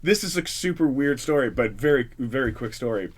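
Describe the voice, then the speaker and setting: A man from Canada sits at a studio microphone as a comedian guest, spinning a story in a loose, meandering way. He swears easily and stumbles through restarts and fillers. His voice sits at an ordinary middle pitch for a man. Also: expressive, brisk, husky. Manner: rambling, profane, with many fillers and restarts. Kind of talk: casual storytelling on a talk radio show. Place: radio studio.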